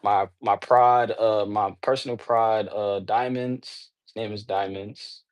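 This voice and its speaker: A man's voice: fairly low pitch, steady tone, slow pace, no echo. A young man answering interview questions about his music in a loose, rambling way, full of fillers, slang and restarts. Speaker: underground rapper, interview guest.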